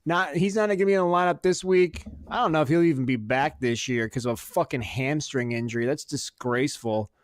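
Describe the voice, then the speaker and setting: A man with a smooth, resonant voice trades football picks in loose, joking podcast talk. He swears freely and drifts into long anecdotes. The sound is dry and close, with no room around it. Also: a little high, fairly quick, hardly any pauses, no room sound. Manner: profane, joking, storytelling. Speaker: podcast co-host. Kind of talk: casual sports chat.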